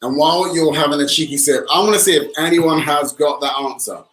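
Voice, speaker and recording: A man's voice: fairly high pitch, brisk, a bit bright. A man co-hosting an online art class, playfully running a quiz and cheering on viewers. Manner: playful, enthusiastic, addresses viewers. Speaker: co-host, quiz presenter. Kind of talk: upbeat online class banter. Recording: roomy echo.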